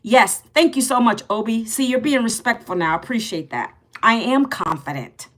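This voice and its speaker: A woman's voice: a little high, animated, moderate pace. A woman in her fifties chatting on a live stream, greeting viewers by name and answering their comments, bluntly sarcastic with rude ones. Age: 50s. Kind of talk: casual live stream chat.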